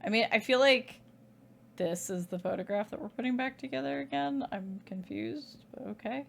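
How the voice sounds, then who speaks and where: A woman's voice: fairly high pitch, moderate pace, creaky. A woman streaming a horror game, talking through it with sarcastic, swearing commentary. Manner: sarcastic, swears casually, thinks aloud. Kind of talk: let's play commentary.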